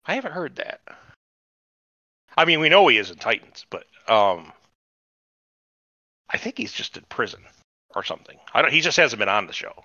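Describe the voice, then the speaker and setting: A man's voice: medium pitch, sing-song, normal speed, pauses often, pushed and bright, no echo, highs cut off. A man hosting a podcast, recapping in casual, rambling chat full of swearing. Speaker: podcast host.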